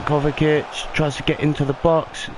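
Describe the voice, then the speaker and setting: A young man doing excitable play-by-play football commentary over a video game he is playing. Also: moderate pace, background noise. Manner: excitable play-by-play, rising in pitch on big moments. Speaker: gaming YouTuber.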